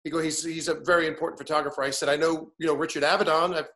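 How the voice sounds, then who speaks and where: Man, fifties, guest, animated storyteller, fairly high pitch. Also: racing. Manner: animated, acts out voices in his anecdotes. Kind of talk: casual storytelling chat.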